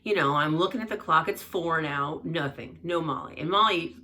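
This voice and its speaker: Bright-voiced middle-aged mom storyteller. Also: female voice, deep voice, normal speed, recorded from a distance, a little hiss or hum. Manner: chatty, rambling, acts out quoted speech. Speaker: mother telling her daughter's story. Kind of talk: casual personal storytelling.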